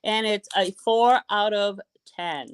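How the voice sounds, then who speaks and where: A woman from Boston with a Boston accent, chatting excitedly and casually as a guest on a live call-in show, swearing now and then. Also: mid-range voice, slow pace, clean tone. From Boston, USA. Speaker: caller guest.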